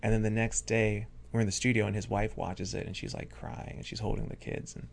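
A man's voice: lowish voice, little pitch movement, brisk, vocal fry, slight background noise. A man telling a story as a guest on a talk show, laid-back and amused. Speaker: hypnotist guest. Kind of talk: casual storytelling.

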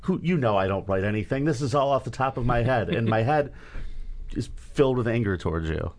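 A man's voice: medium pitch, animated, fairly quick. Male host, casual banter, teasing, playful. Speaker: radio show host.

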